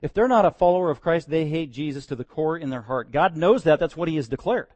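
A man preaching a sermon as pastor, swinging between loud, emphatic declarations and quiet, earnest asides. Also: a little high, lively intonation, fast, no echo. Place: church.

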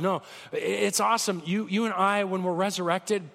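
A man preaching a sermon with a cold, talking conversationally and swinging from loud peaks to soft lows. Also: fairly even intonation, moderate pace, creaky, big-room sound. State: has a cold. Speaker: pastor.

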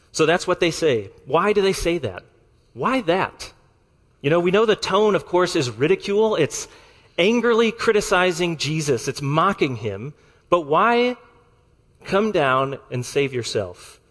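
A male pastor delivers a sermon in a measured, deliberate manner, slowing to lean on key words. His voice sits a little high for a man. The sound carries the long reverb of a large church hall. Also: a bit bright. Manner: measured, deliberate preaching with slowed emphasis.

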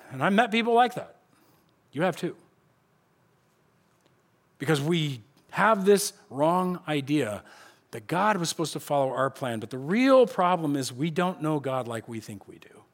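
Pastor, male, higher-pitched voice, laid-back slangy preaching, swings between loud and hushed. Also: moderate pace, long pauses. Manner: casual, conversational preaching with slang; animated, swings between loud emphasis and quiet. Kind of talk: sermon. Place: church.

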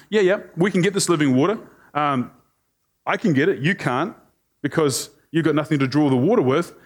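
Male pastor, slightly raised voice, lively and conversational, playful asides to the congregation. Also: fairly high pitch. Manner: animated, conversational, joking with the congregation. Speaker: preacher. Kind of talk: sermon.

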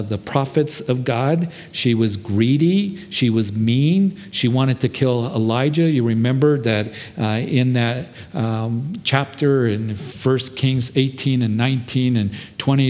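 A male pastor preaching a sermon, retelling scripture in an earnest storytelling way, speeding up and slowing down, with frequent fillers. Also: medium pitch, darkish tone, long reverb tail.

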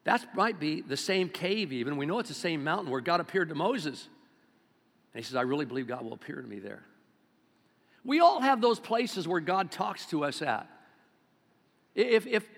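An older man in his seventies preaches from the pulpit of a church, his voice set a little high for a man. He swings from loud exclamations down to hushed, quiet stretches. A long hall reverb trails every phrase. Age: 70s. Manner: swings between loud exclamations and hushed low-key talk. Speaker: pastor. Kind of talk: sermon. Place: church sanctuary.

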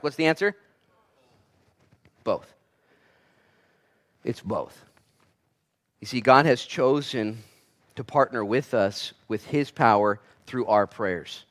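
A man preaching a sermon as pastor, swinging between quiet and loud delivery and acting out the voices he quotes. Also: mid-range voice.

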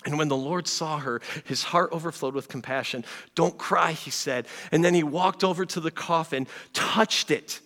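Bright high-voiced male preacher. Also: long reverb tail. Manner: earnest, conversational preaching that drops to soft, slow asides. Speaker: pastor. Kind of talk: sermon.

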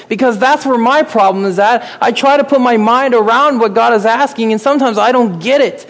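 Guy preaching a sermon, high voice, keeps asking the room questions, lots of reverb. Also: fairly quick, few pauses. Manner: emphatic, asks the listeners questions.

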